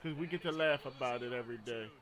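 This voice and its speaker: A man's voice: medium pitch, quick pace, fairly bright tone. A man streaming a video game, chatting casually, joking and telling stories. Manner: joking, storytelling, frequent laughter. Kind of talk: casual gaming commentary.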